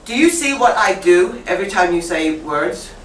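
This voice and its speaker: A woman teacher trainer running a lively classroom demonstration, repeating and correcting students as she goes. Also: on the low side, moderate pace. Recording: echoey classroom from far off with faint noise.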